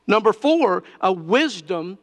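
A man's voice: sits high, sing-song, slow. A man preaching a sermon, telling a personal story that builds into fervent declarations.

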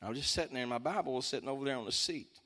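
A singing preacher from East Texas, with an East Texas accent, delivers a testimony sermon, telling a story and breaking into shouts of praise. He has a medium-pitched voice and speaks very fast.

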